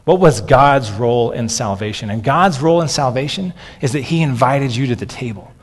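A man's voice: mid-range voice, animated, normal speed, in a large hall. A man in his thirties preaching a sermon as a pastor, talking conversationally and often restarting with "okay.".

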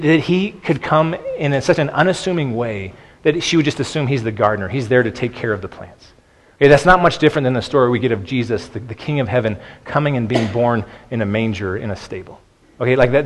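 A male pastor with a mid-pitched voice delivers a sermon in an earnest, conversational style, frequently restarting and saying "okay." Long church reverb surrounds his voice.

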